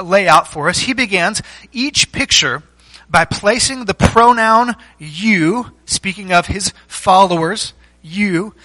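A man preaching a structured sermon as pastor, teaching point by point with rhetorical questions and deliberate pauses. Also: sits high, bright, forceful tone, rough recording.

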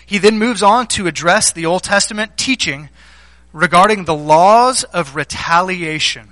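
A male pastor delivers a sermon, telling stories and posing questions straight to the congregation. His voice sits high for a man and has a bright, forward ring. The sound is close and dry. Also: no echo, low-quality recording. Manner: conversational storytelling with rhetorical questions.

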